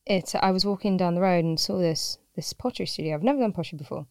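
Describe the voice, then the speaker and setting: Low, creaky woman chatting. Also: fast talker, no echo, clean studio sound. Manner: rambling, self-deprecating, laughs often. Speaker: guest, pottery teacher. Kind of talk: casual podcast chat.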